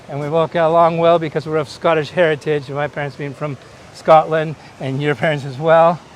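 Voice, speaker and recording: A man's voice: a little high, level tone, moderate pace, slight background noise. Chatty Canadian-raised man guiding a walk. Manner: chatty, pointing out sights. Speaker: host. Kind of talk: live-streamed walking tour. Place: outdoors on a coastal walk.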